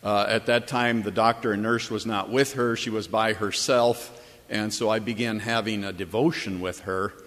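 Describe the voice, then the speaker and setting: A man's voice: on the low side, fairly even intonation, moderate pace, fairly bright tone, in a large hall. A man preaching a sermon as pastor, telling a story earnestly and building to emphatic, repeated points. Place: church or chapel.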